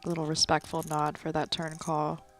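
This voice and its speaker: A woman's voice: sits low, monotone, moderate pace, faint music behind. A woman commentating a live poker stream in a chatty, casual way, laughing easily with her co-host.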